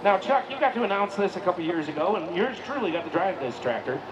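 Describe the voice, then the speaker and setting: High-voiced man announcing a tractor pull. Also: big pitch swings, lo-fi sound, noisy background. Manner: joking, folksy, drawn-out hype calls. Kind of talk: live event announcing with banter. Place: outdoor tractor pull track. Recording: distant PA at a loud outdoor event.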